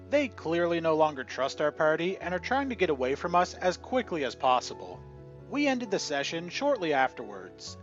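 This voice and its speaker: A man narrating a scripted tabletop gaming story in an animated storytelling manner. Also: on the high side. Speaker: channel narrator. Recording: dull lo-fi audio with faint music.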